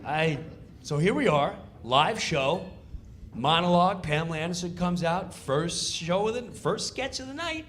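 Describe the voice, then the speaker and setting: A man telling an animated comedic backstage story, acting out the scene as he goes. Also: fairly high pitch, unhurried.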